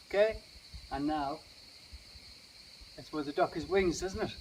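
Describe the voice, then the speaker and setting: A man teaching yoga and meditation to children, guiding them gently and playfully. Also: on the high side, a little slow. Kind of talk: guided kids' yoga and meditation. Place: outdoors. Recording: distant mic, outdoor noise.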